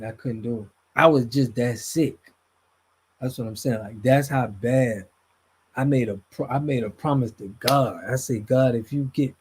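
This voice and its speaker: A man's voice: mid-range voice, a little mellow, slightly rough. Guy chatting on his stream, slangy and loose, ordinary mid voice, words fading out at the end. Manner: loose slangy talk, drops to mumbles at phrase ends. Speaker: streamer host reading chat. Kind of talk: casual live-stream commentary.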